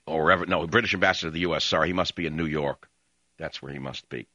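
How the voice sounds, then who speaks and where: A man's voice: extremely low pitch, very fast, sharp tone, no echo, dull audio. A man hosting a radio talk show, ranting angrily and hurling insults in a repetitive tirade.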